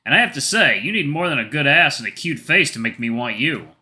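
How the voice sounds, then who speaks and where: A man's voice: mid-range voice, lively intonation, a little fast, sharp tone. A man voicing a flirty, teasing big tiger. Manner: playful, teasing banter. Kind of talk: visual novel read aloud.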